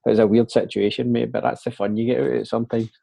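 Gravelly Scottish man chatting. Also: mid-range voice, flat delivery, very fast, warm tone, no room sound. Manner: chatty, says "mate" and "man" often. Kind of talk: casual chat.

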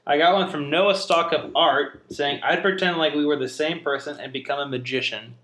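Young guy hosting a chill podcast, bright clear voice, rambles and corrects himself a lot. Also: fairly high pitch, fairly even intonation, moderate pace, a little hiss or hum. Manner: rambling, self-correcting, laughs often. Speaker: podcast host. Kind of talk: casual chat.

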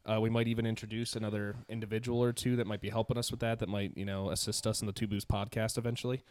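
A man's voice: lowish voice, level tone, fast, a little mellow, no echo. A man co-hosting a podcast in casual, joking chat. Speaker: podcast co-host.

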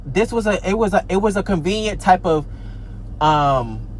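Animated and speaking at normal speed, a man with a high-sitting voice delivers an angry vlog rant to camera, with a little hiss or hum in the audio. He's an artist and social media creator who swears a lot, repeats himself, restarts often, stammers, and trails off saying "I don't know."

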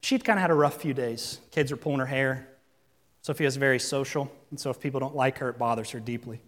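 A man's voice: medium pitch, a little fast, a bit bright. A man in his thirties preaching a sermon in a church, earnest and conversational, full of rhetorical questions. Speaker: pastor. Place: church sanctuary. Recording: long reverb in a large hall.

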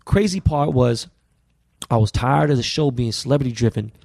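A man from the US West Coast, a podcast guest, telling stories in an animated, profane, slang-heavy way. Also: mid-range voice, moderate pace, creaky, no room sound, clean studio sound. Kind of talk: casual storytelling interview.

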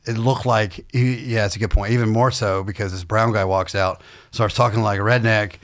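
A man's voice: lowish voice, steady tone, brisk, fairly bright tone. A man who grew up in the southern US, a stand-up comedian telling rambling stories on a podcast. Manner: rambling, self-interrupting, laughs while telling stories. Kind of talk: casual storytelling chat.

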